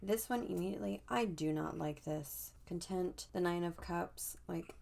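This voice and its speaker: A woman's voice: on the low side, moderate pace, creaky, darkish tone. A woman tarot reader chatting casually as she reviews a deck, musing aloud and often restarting her sentences. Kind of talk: casual chat.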